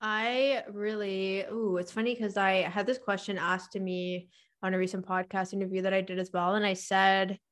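A woman's voice: mid-range voice, level tone, normal speed. A woman guest on a podcast, explaining her views in a fluid, enthusiastic, casual way. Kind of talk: casual interview chat.

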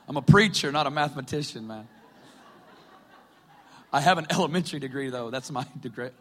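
A man's voice: medium pitch, measured pace, pauses often, fairly bright tone, long reverb tail. A man preaching, telling his testimony as a chatty story and laughing often along the way. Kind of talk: personal testimony sermon. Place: stage in a hall.

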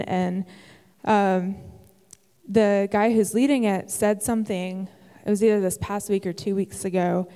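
A woman's voice: medium pitch, dark tone, clean tone, in a large hall. A woman giving an earnest, encouraging sermon in a church, with occasional "um" fillers. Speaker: church speaker. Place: church sanctuary.

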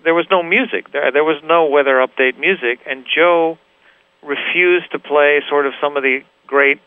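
A man calling in over a tinny phone line, telling stories as the interview guest. His voice is smooth and resonant, and the sound is dry and close. He rambles a little, with many "you know"s and restarts. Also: fairly high pitch, normal speed, no room sound. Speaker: guitarist guest. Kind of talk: casual interview chat.

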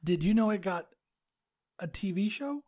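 A man's voice: high-pitched, expressive, moderate pace, a little mellow. A man co-hosting a casual podcast chat, laid-back and swearing casually as he brings up news items. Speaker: podcast co-host.

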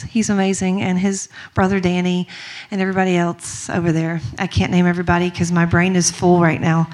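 A young woman from Mississippi with a strong Southern accent, chatting casually and giggly with lots of fillers. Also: on the low side. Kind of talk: casual chat to a group.

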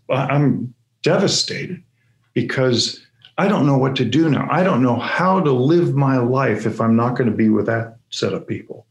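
A man delivers a sermon-style story at an unhurried pace, stumbling and repeating words as he goes. His voice has a gravelly edge to it. The room around him sounds echoey. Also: mid-range voice. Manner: halting, repeats words, animated acted-out asides. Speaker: speaker.

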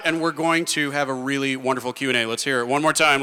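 A man from Texas hosts a convention panel, upbeat and hyping up the crowd. His voice sits at a mid pitch. Steady room noise hangs behind him. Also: fast talker. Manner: upbeat, hype-building. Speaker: panel moderator. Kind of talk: convention emcee and casual Q&A. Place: large convention theater.

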